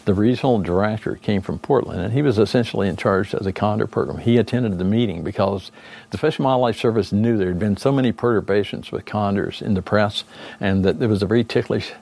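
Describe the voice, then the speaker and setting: Speaking quickly in a lowish, creaky, slightly mellow voice, a former condor recovery team leader looks back on his years in charge during an interview. The older man wanders through his memories, correcting himself often and leaning on filler words.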